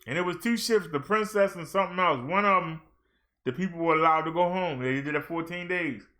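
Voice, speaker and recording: A male minister in casual livestream chat, joking around and getting excited when he reads out numbers. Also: on the high side, fairly quick. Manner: chatty, jokey, excited when reading numbers.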